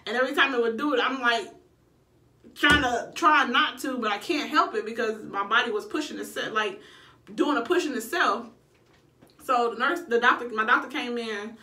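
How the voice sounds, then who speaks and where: A woman casually telling a personal story, animated and profane, acting out her own quoted lines. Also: a little high, moderate pace, roomy sound, distant mic.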